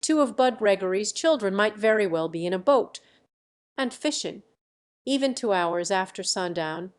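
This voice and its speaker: A woman narrating an audiobook of a science fiction novel in an even, measured way. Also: mid-range voice. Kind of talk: scripted narration.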